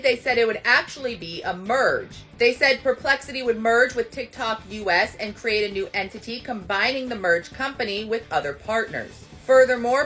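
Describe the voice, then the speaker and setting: A woman delivers a brisk news-style update with emphatic starts to each point. Her voice sits a little high, and faint music plays under it. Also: fairly bright tone.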